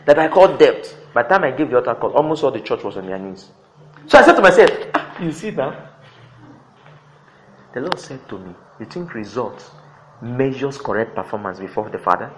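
A middle-aged man preaching a sermon, swinging between loud exclamations and quiet asides. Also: medium pitch, very animated, brisk, a little hiss or hum, low-quality recording.

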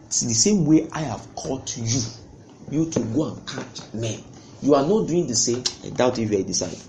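A man preaching a sermon with fervour, swinging between loud outbursts and hushed asides. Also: mid-range voice, animated, normal speed, a little hiss or hum. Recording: echoey room.

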